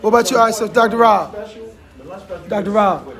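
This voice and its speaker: A man's voice: high-pitched, lively intonation, moderate pace, fairly bright tone. A man hosting a casual talk show in a barbershop, teasing his guests and laughing often. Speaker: host. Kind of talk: casual chat.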